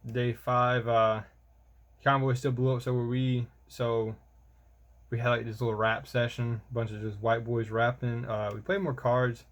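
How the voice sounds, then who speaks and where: A man's voice: mid-range voice, little pitch movement, a little slow. Rambling young man. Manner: rambling, slangy, keeps saying bro. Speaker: soldier vlogger. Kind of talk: casual storytelling vlog.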